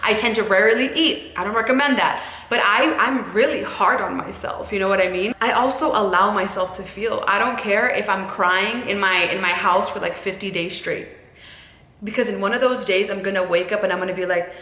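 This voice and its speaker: A young woman speaks candidly to camera, direct and emphatic, driving points home by repeating them. Her voice is bright and forward. The room around her adds a noticeable echo. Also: mid-range voice, brisk. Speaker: YouTuber giving breakup advice. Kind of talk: casual advice monologue to camera.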